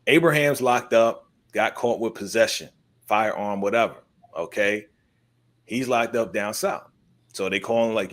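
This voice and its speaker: A man hosting a casual TV recap chat, lively and acting out characters' lines as he goes. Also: lowish voice, normal speed. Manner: animated, acts out characters' lines. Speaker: host.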